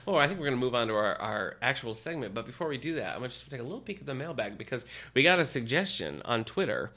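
A man's voice: medium pitch, very animated, quick pace, sharp tone. A man co-hosting a casual podcast, joking and laughing as he chats. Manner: jokey, laughing, rambling. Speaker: podcast co-host. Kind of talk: casual chat.

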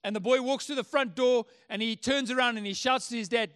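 Very high-voiced male pastor preaching. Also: brisk, hardly any pauses, fairly bright tone, clear, resonant tone. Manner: earnest, emphatic preaching with repeated phrases. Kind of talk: sermon.

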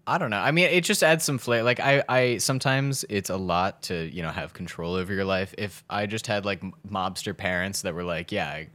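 A man's voice: lowish voice, fairly quick, few pauses, a bit bright. A man who is a comedian guest, chatting casually with dry, self-deprecating humor. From part Italian family. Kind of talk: casual chat.

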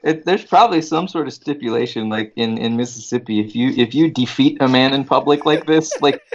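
A man's voice: medium pitch, fairly quick, slight background noise. A man co-hosting a casual sports podcast, joking and laughing often, tripping over his words. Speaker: podcast co-host. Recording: dull lo-fi recording.

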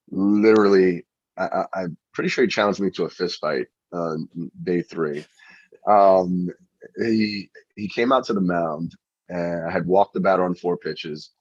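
Middle-aged guy, deep husky voice, chatty storyteller, dull lo-fi sound. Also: no room sound. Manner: chatty anecdotal, repeats words on restarts. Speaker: pitching coach. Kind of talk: interview storytelling. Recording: dull lo-fi recording.

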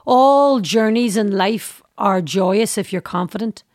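Derry woman chatting away, gravelly edge, dry close sound, tells stories with lots of aye. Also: medium pitch, slow pace, dry recording. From Derry, Northern Ireland. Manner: animated storyteller, acts out quoted voices, says "aye" often. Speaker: guest actor and singer. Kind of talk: casual interview chat.

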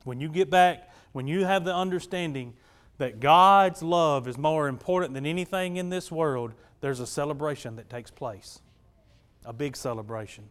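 A male pastor preaches in a folksy, talky way, often tossing questions back to the congregation. His voice sits high for a man, and his sermon swings between easy chat and raised emphasis. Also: moderate pace, fairly bright tone. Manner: folksy, conversational, keeps asking the congregation "right?".

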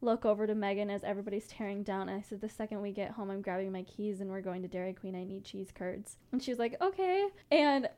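A woman's voice: medium pitch, fast, hardly any pauses, warm tone. A young woman co-hosting a casual chat, telling a story in a chatty way. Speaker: co-host.

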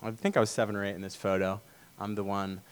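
A man giving a casual sermon talk, telling stories easily and pausing on fillers. His voice sits low and comes through smooth and resonant. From Vermont, USA. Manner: relaxed, storytelling, many fillers. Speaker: church speaker.

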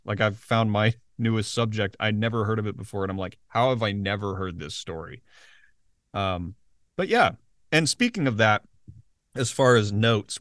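A man's voice: fairly low pitch, fairly bright tone, no echo, studio quality. A man co-hosting a podcast in casual chat, joking and poking fun at himself. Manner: joking, self-mocking. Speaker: podcast co-host.

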